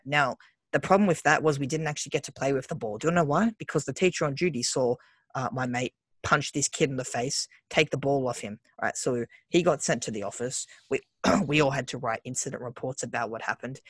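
A man's voice: medium pitch, quick pace, dry recording. A young Australian man telling stories in casual chat, keeps checking in with "right?". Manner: animated storyteller, keeps adding "right?".

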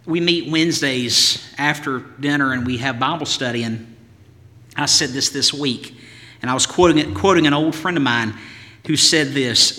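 A man's voice: medium pitch, normal speed, pushed and bright, long reverb tail. A man preaching a sermon as pastor, in an emphatic voice with rhythmic lists and rhetorical questions.

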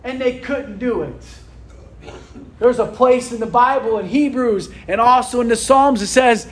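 A man's voice: very high voice, measured pace. A man preaching a sermon to a congregation in a room, tossing rhetorical questions out for them to answer.

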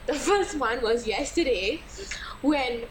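A woman's voice: high voice, lively intonation, slow pace. A teenage girl, chatting casually as a podcast co-host and packing her stories with "like". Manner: chatty, fillers "like" constantly, storytelling. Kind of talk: casual chat. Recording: noisy room ambience.

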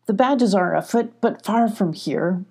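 An alert little bee scout, voiced by a woman reading a storybook. He reports briskly in a husky, gravelly voice. The tone is dark and mellow. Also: medium pitch.

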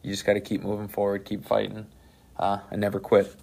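A man who is a teacher hosting a casual interview, relaxed and encouraging, with lots of "you know" and "right". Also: fairly low pitch, fairly quick, creaky, background noise. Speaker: teacher and podcast host.

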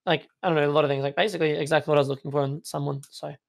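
Young man, rambling guest, lots of fillers, slightly high voice. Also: steady tone, very fast, creaky. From Australia. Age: young adult. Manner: rambling, filler-heavy, laid-back. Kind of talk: casual chat.

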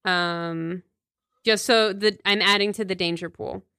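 A woman narrating as game master of a tabletop game, hesitant with many fillers and quick to laugh. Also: medium pitch, steady tone, vocal fry, sharp tone, clear, resonant tone, dry recording, studio quality.

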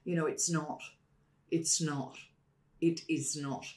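Lady coaching on how to talk, punchy and animated, hammers her points home. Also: sits low, slow. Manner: emphatic, animated, repeats points for stress. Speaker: communication expert guest. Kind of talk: conversational interview.

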